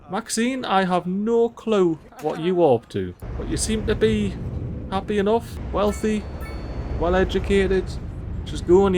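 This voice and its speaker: A man's voice: fairly high pitch, a bit bright, slight background noise. A man casually commenting on a city-building game, joking and chatting to the little citizens, with faint game sounds behind. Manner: chatty, jokey, talks to game characters. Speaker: gameplay streamer. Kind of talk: casual let's-play commentary.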